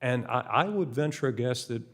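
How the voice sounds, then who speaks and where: A man speaking with a middle-pitched voice at a congressional hearing. He argues firmly and repeats his points for emphasis, as if pressing a case before a committee. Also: normal speed, a bit bright. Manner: firm, argumentative, repeats for emphasis. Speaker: hearing witness. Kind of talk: congressional testimony.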